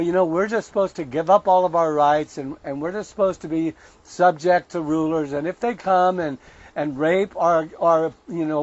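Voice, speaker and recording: An online preacher hosts his own show in a conversational sermon style, reading scripture aloud and cutting in with pointed, emphatic asides. His voice is slightly high for a man, and the recording is a little muffled and lo-fi.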